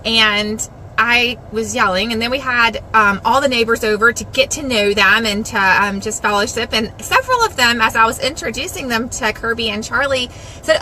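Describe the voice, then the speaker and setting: A middle-aged woman, talking casually and devotionally to the camera in a chatty, self-deprecating way with lively asides. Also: fairly high pitch, moderate pace, a little hiss or hum, rough recording. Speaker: Christian vlogger.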